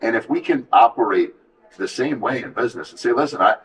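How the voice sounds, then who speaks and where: A man's voice: mid-range voice, animated, brisk, distant mic, rough recording. A man telling his story as an interview guest, candid and emphatic, often acting out what others said to him. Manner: earnest, emphatic, reflective, quotes others in dialogue.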